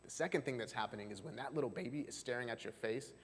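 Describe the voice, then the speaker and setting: A man's voice: medium pitch, quick pace, slight background noise. A male marriage and family therapist giving a chatty seminar talk to a live audience, often asking them questions. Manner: chatty, asks the audience questions, frequent fillers. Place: church hall. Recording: long hall reverb.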